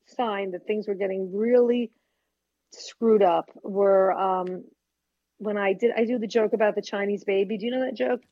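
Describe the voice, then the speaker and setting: A woman's voice: medium pitch, steady tone, moderate pace. An older woman stand-up comic trading brash stories and punchlines in a casual interview. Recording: dull lo-fi sound.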